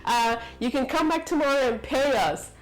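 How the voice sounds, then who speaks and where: A woman's voice: sits high, animated, normal speed, voice pushed up, rough recording. A woman voicing a kind, insistent female shop cashier who repeats short, clipped reassurances. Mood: reassuring.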